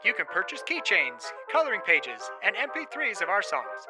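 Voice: mid-range voice, huge pitch swings, normal speed, rough recording. A performer voicing a chipper gnome radio host reading announcements in an upbeat, announcer-like way, with music underneath. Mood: cheerful. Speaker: show host for mid-show break. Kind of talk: scripted announcement.

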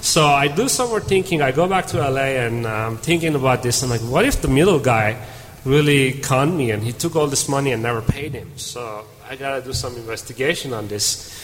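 A man's voice: medium pitch, fairly quick. A man on a conference panel telling a story and acting out the dialogue as he goes. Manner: animated storyteller, acts out dialogue. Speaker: panel speaker. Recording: reverberant hall, faint room noise.

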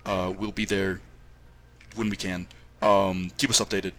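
A man's voice: low-pitched, little pitch movement, a bit bright. A man voicing a flustered father in a tabletop game, stammering as he soothes his daughter. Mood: soothing, flustered. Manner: stammering, halting reassurance.

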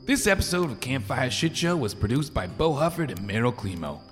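A man's voice: medium pitch, very animated, a little fast, a bit bright. A man voicing a friendly adult camp director who reads a scripted outro in a folksy bedtime way. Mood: cheery. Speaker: show announcer. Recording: long reverb over clear music.

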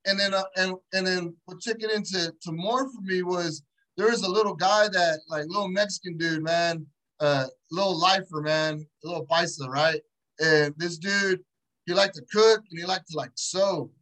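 High bright voice, guy telling prison stories, lots of swearing and slang. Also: moderate pace, rough recording. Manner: animated, swearing, slangy street talk. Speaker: guest, entrepreneur. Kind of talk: casual interview storytelling.

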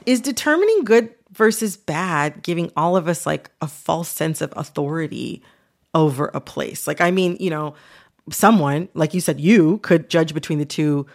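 A woman hosts a relaxed podcast chat, her voice a little low and full of vocal fry. She rambles conversationally and leans on "like" and "you know.". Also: normal speed. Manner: chatty, filler-heavy with frequent "like". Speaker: podcast host.

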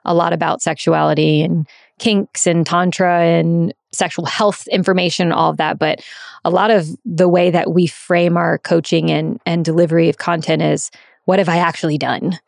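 A woman's voice: fairly low pitch, level tone, moderate pace, gravelly, dry recording, studio quality. A woman in her thirties from the United States, a guest coach talking openly and reflectively in an interview, often restarting her sentences. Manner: open, reflective, many restarts. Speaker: guest, sex and relationship coach. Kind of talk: candid interview conversation.

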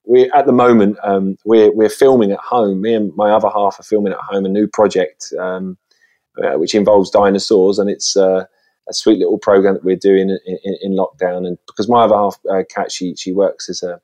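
A man, a guest chatting casually and acting out lively voices in his stories. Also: fairly low pitch, fairly quick. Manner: chatty storytelling, lively voices when quoting. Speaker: guest, children's TV presenter. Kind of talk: casual interview chat.

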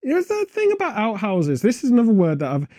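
A man co-hosting a comedy podcast, rambling through absurd deadpan tangents in casual chat. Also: high-pitched, fast talker, no room sound, clean studio sound. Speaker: podcast co-host.

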